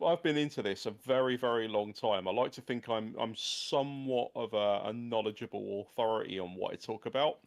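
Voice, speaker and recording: An older man with a fairly low voice, co-hosting a casual podcast. He talks in a measured, self-assured way, often stumbling a little at the start of a thought. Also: vocal fry. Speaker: podcast co-host. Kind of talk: casual chat.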